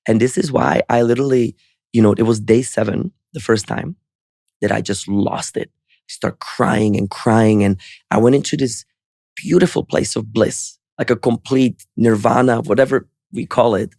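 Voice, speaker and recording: Podcast guest, man, gravelly voice, earnest reflective delivery, dry close mic. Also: mid-range voice, normal speed, a little mellow, no echo. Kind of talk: storytelling interview answer.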